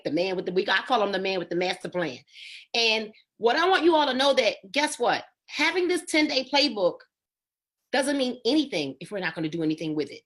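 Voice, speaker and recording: Lively, high-pitched woman coaching a sales team. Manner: emphatic, keeps asking "right?" and calling on listeners by name. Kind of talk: motivational training call. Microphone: video call.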